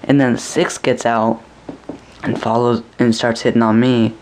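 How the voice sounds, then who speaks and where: A man's voice: mid-range voice, flat delivery, normal speed, darkish tone, slight background noise. A young man casually recounting a rambling, crude dream story, acting out what people said in a raised voice. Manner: crude, rambling, acts out quoted lines with a raised voice. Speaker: vlogger.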